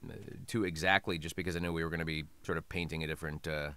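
A man's voice: extremely low pitch, fairly even intonation, rapid-fire, pushed and bright, smooth, dry recording. A man talking as a voice actor guest in a casual interview, chatty and laughing often.

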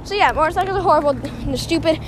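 A young host rambling through a silly, self-mocking podcast while out on a walk, short of breath. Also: female voice, high-pitched, rapid-fire, a little hiss or hum. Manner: silly, self-mocking, jumps between topics. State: out of breath from walking. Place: outdoors on a walk near a road.

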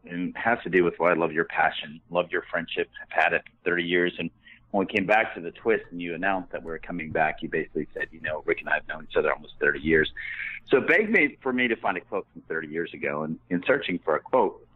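Man, very low voice, tinny phone-like line, easygoing podcast co-host. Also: quick pace. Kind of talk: casual podcast chat.

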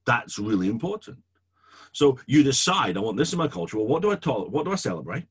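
A man's voice: medium pitch, quick pace, husky. A middle-aged male pastor teaching a sermon to church leaders, emphatic and repetitive in his delivery. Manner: emphatic, repetitive, animated preaching.

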